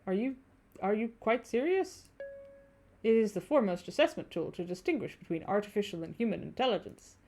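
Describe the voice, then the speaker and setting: A woman's voice: medium pitch, big pitch swings, fairly quick, dark tone, soft background music. A woman voicing a stiff, formal male tourist passenger in a game, with a half-hearted German accent and clipped, probing speech. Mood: solemn.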